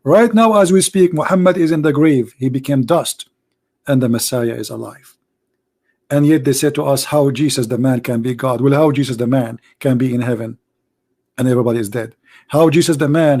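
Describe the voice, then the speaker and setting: A man with a hoarse, worn-out voice leads a live religious polemic stream. His voice sits a bit high, and he speaks in emphatic, non-native English, piling up rhetorical questions. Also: darkish tone. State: hoarse, voice nearly gone. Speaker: livestream debate host.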